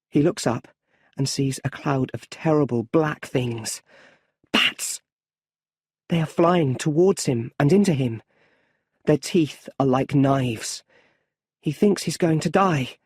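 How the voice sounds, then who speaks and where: Male audiobook narrator for learners; husky, slow, careful delivery. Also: medium pitch, a little mellow, no room sound, studio quality. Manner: slow, careful storybook reading.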